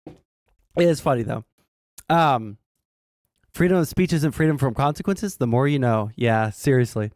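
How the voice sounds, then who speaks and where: A man's voice: mid-range voice, lively intonation, moderate pace, pauses often, a little mellow, no echo. Rambling male streamer, dry close mic. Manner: rambling, filler-heavy, wry. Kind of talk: casual political commentary stream.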